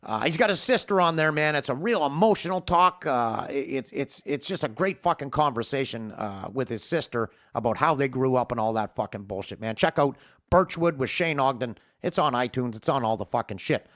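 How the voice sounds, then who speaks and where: At a fairly quick pace, a man with a mid-range, fairly bright voice speaks expressively. His home-studio podcast monologue is a heated rant, emphatic and full of profanity.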